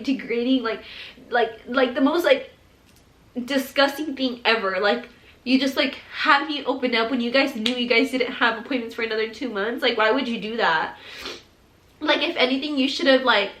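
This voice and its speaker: A mother tells the story of her postpartum depression in a candid personal vlog, her voice high and a bit bright. She rambles, is emotional and open, and says "like" constantly. The recording has a roomy echo.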